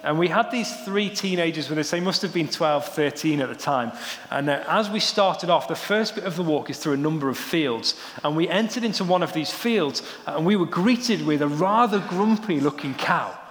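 A young adult man preaching a sermon, with animated storytelling and a lively manner. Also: a little high, moderate pace. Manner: animated storytelling, rising excitedly when joking. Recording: roomy hall with long reverb.

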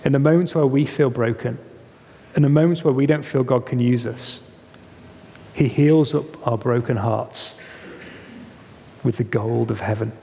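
A man preaching a sermon, telling the story in an animated way and acting out the voices in it. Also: medium pitch, a little slow, vocal fry, pauses often. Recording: long reverb of a hall.

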